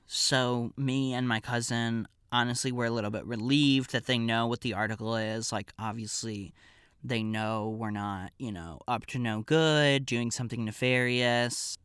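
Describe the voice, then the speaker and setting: A man's voice: mid-range voice, steady tone, a little slow, fairly bright tone, clear, resonant tone, no room sound, studio quality. Offhand wry man telling a story. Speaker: podcast host and storyteller. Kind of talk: casual comedic storytelling.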